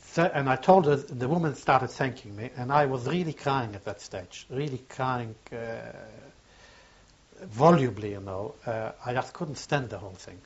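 An older man recounting a memory in an oral history interview, halting and searching for words, on a dull lo-fi recording. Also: mid-range voice, slightly rough.

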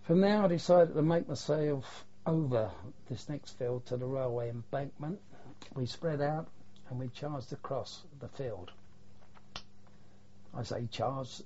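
Speaking in a mellow, mid-pitched voice, this elderly veteran shares wartime recollections for an oral history, down-to-earth and occasionally cursing mildly. There's a slight hiss or hum, and the audio is muffled and low-fidelity.

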